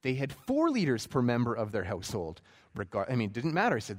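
Man, preaching, animated storytelling, long hall reverb, mid-pitched. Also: quick pace. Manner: animated storytelling with acted quotes. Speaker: pastor. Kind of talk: sermon.

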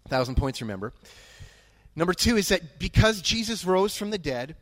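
A pastor preaches a sermon in a fairly high man's voice, earnest and emphatic. He repeats his key phrases. The sound is dry and close. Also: very animated, moderate pace, fairly bright tone, no echo.

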